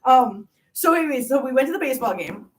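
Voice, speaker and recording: Chatty woman host, slightly high voice, live chat with viewers, a bit off-mic. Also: expressive, fast talker, far from the mic. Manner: chatty, greets viewers by name with pet names. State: out of breath. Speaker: channel host. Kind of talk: casual livestream chat.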